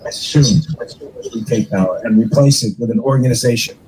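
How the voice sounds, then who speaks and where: A man's voice: mid-range voice, fairly quick, mellow, slight background noise, poor audio. A man hosting a podcast, giving blunt, sarcastic political commentary. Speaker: podcast host.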